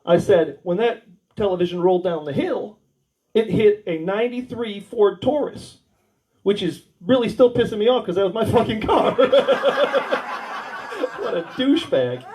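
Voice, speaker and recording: High, lively American stand-up man. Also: normal speed, low-quality recording. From United States. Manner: crude, rambling anecdotes with acted-out dialogue. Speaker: stand-up comedian. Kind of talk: stand-up storytelling. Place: small warehouse comedy night.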